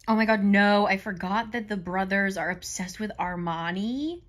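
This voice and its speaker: A woman's voice: medium pitch, normal speed, few pauses. A young woman chatting casually as she recaps a novel, swearing and laughing often. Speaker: book youtuber.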